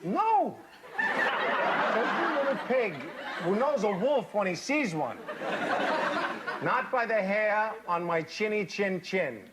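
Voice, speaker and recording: Deadpan man reading a fairy tale. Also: high voice, noisy background. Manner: deadpan, with odd pauses and asides. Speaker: storyteller. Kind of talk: comic fairy-tale reading to a live audience. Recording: live stage reading, loud audience laughter.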